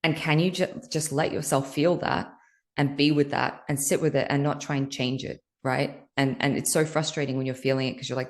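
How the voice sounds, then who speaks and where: Woman podcast guest, healer; extremely low voice, confessional, rambling with fillers. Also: fairly even intonation, fairly quick. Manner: loose, filler-heavy, earnest and confessional. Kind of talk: candid spiritual interview talk.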